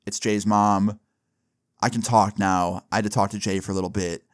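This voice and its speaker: A man voicing a middle-aged mother who speaks earnestly and in a measured way about her son. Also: on the low side, flat delivery, voice pushed down, lightly acted. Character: worried middle-aged mother, calm and serious.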